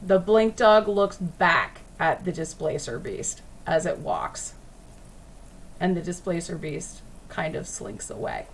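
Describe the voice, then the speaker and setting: A woman narrating a tabletop game as game master, unhurried and plain. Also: on the low side, expressive, a little hiss or hum.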